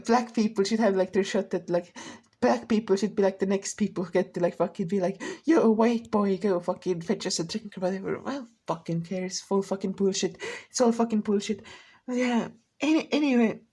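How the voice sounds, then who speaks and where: Husky-voiced woman ranting. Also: medium pitch, fairly even intonation, brisk, dark tone. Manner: rambling, profane, frequent restarts. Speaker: vlogger. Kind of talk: casual ranting commentary.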